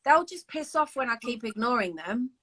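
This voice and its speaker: A woman's voice: a little high, animated, moderate pace, a loud crowd, poor audio. A young woman co-hosting a casual podcast chat, candid and swearing freely. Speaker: podcast co-host, bikini bodybuilder.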